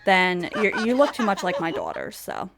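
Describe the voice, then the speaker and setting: A woman's voice: on the low side, huge pitch swings, normal speed, vocal fry, background noise, full character voice. A woman voicing a controlling, suspicious queen who gives orders in a casual, insistent way. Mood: exasperated.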